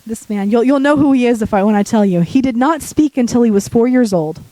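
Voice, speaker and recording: A woman preaching a sermon in a church while sick, her voice deepening, talking conversationally and joking with the congregation. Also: brisk, warm tone, no room sound, low-quality recording.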